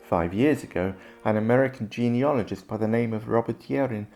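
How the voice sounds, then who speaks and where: A man giving calm, measured scripted narration for a documentary film, with guitar music underneath. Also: mid-range voice, creaky.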